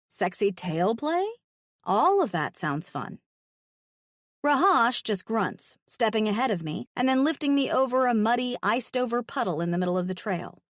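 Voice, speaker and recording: A woman's voice: mid-range voice, no echo, clean studio sound. A woman narrating a first-person romance audiobook in a frank, wry, playful way.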